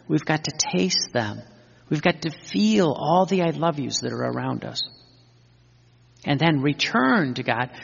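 A man's voice: a little high, creaky, a bit bright, big-room sound, highs cut off, slight background noise. A man teaching in an earnest sermon style, repeating phrases and quoting scripture. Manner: earnest, repetitive, quotes scripture. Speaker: religious teacher.

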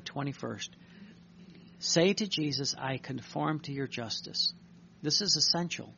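A priest delivers an earnest, reflective sermon, his voice gravelly and rough at the edges. He often circles back and restarts his sentences. The recording is dull and lo-fi, with a faint hum of room ambience behind him. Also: a little high, a bit bright.

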